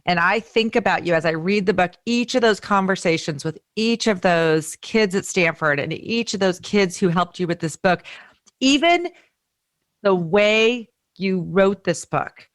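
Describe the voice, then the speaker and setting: A woman's voice: medium pitch, lively intonation, unhurried. Effusive woman podcast host. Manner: effusive, heartfelt praise. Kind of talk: casual interview chat.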